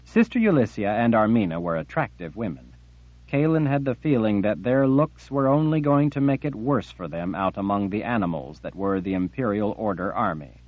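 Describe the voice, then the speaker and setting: A man reading an audiobook in a steady, measured way. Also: lowish voice, no room sound, muffled recording. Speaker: audiobook narrator. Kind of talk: audiobook narration.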